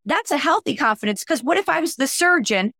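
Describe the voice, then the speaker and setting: A woman's voice: high-pitched, brisk, dry recording, clean studio sound. A woman working as a mental skills coach, talking in a casual interview and acting out the people she quotes. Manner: animated, acts out quoted voices.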